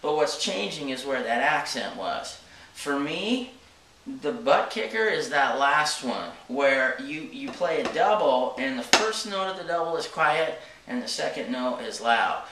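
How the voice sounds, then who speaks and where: A man's voice: mid-range voice, lively intonation, unhurried, sharp tone, recorded from a distance, a little hiss or hum. A man teaching drums, explaining each step plainly and checking in with a frequent "okay?". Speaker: drum teacher. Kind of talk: casual instructional talk. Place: drum studio. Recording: echoey room from off-mic.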